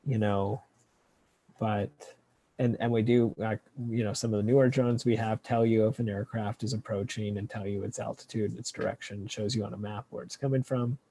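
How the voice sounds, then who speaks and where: Researcher guest, male, low mellow voice, talks loosely with lots of ums. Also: moderate pace. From California. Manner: relaxed, hesitant, many fillers and restarts. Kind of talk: casual interview answers.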